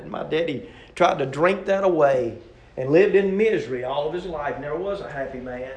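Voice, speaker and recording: A man's voice: a little high, moderate pace, a little mellow, reverberant. A middle-aged man, preaching a sermon with a repetitive, emphatic cadence and personal stories.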